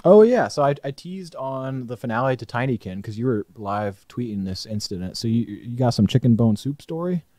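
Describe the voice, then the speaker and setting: A young man co-hosting a podcast, telling a story in a casual, animated way and swearing freely. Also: mid-range voice, fairly quick, hardly any pauses, dry recording. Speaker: podcast co-host. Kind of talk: casual chat.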